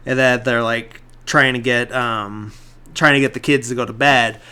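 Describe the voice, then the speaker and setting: A man at an everyday middle pitch talks through a film's story in loose, rambling podcast chat. He leans heavily on fillers and restarts, and now and then slips into quick impressions of the characters' lines. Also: little pitch movement, sharp tone, clean tone. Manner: rambling, filler-heavy retelling with lots of "like"; briefly acts out characters' lines in the retelling. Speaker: podcast host. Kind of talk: casual movie recap.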